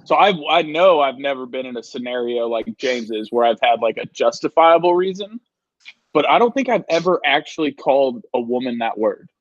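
A young man co-hosting a podcast, talking in a relaxed, hesitant way in casual chat. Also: mid-range voice, fairly quick, dry recording. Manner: relaxed, hesitant, bro talk. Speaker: podcast co-host. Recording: dry, dull lo-fi sound.

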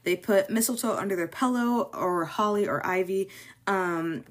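A woman's voice: mid-range voice, normal speed. A young adult woman hosting a casual chat, talking loosely with many fillers and small laughs. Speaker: host. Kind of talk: casual chat about New Year's traditions.

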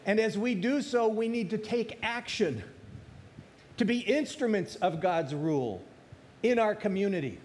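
A man with a high voice preaching to his congregation. He repeats his key phrases and drives them home with rising force. He slows down on the words he wants to land. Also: expressive, a little mellow, slight background noise. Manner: preaching with rising emphasis and repetition. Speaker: pastor. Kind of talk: sermon.

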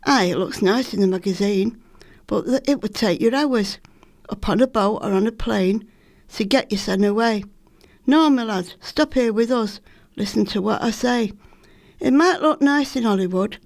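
A woman's voice: medium pitch, normal speed, darkish tone, dry recording, studio quality, lightly acted. A woman with a Lancashire accent voicing a stern, practical working-class mother who scolds her son down to earth. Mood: scolding.

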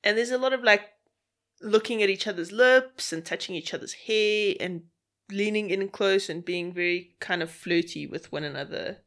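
A woman's voice: mid-range voice, moderate pace, a bit bright. A woman co-hosting a podcast, casually walking through the plot of a series scene by scene. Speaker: podcast co-host. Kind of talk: casual chat, narrating plot.

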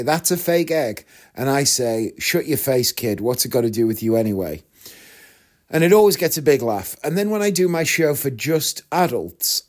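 A man, a magician, chatting through a casual story and acting out his punchlines. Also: medium pitch. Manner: chatty, self-deprecating, acts out punchlines.

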